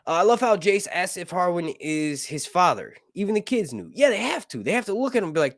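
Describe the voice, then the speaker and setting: Male live-stream reviewer with a bouncy, animated delivery, loose and jokey, recorded dry and close. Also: a little high, moderate pace, vocal fry, dry recording. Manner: rambling, crude jokes, frequent laughter. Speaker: livestream show reviewer. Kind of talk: casual live-stream chat.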